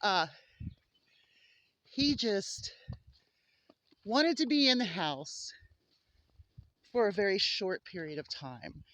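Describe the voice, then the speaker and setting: A woman's voice: mid-range voice, very animated, slow pace, long pauses, a bit bright, no room sound. A woman vlogging on a homestead in a windy snowstorm, chatty and cooing to her animals, a little out of breath. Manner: chatty, coos affectionately at animals. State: out of breath from wind. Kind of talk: casual vlog chat to camera. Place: outdoors in a windy snowstorm and in a coop. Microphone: handheld camera.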